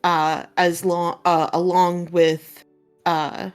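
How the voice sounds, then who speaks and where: Woman game master, lowish voice, slow deliberate pacing, filler-heavy narration. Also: little pitch movement, smooth, soft background music.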